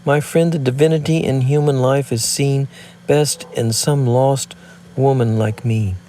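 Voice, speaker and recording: A man's voice: medium pitch, fairly even intonation, measured pace, mellow, a little hiss or hum, voice pushed up, close to an everyday voice. A man reading aloud, voicing a proud, remorseful fallen woman in an impassioned, declamatory way. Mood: earnest.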